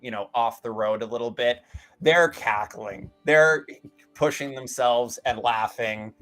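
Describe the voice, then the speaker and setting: A man's voice: medium pitch, measured pace, fairly bright tone, soft background music, poor audio. A man narrating a tabletop game as game master, casual and full of fillers and swearing.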